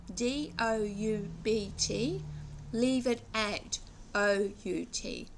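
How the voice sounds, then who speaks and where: A woman's voice: a little high, fairly bright tone, slight background noise. An English woman in her sixties giving an earnest, rambling reflective monologue for her vlog, restarting sentences as she moralizes. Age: 60s. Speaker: vlogger.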